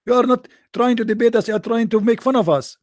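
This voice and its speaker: A man voicing an indignant man who protests that he is being mocked, in a shrill, offended tone. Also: quick pace, dry recording, studio quality.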